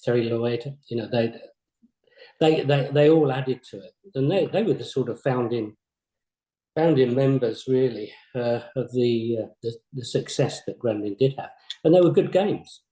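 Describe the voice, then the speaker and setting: An older man, a former games company boss, recalling his career in a modest, halting way, often repeating words. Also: mid-range voice, warm tone. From England. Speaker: former games company CEO, interview guest. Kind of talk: reflective interview chat. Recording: roomy echo.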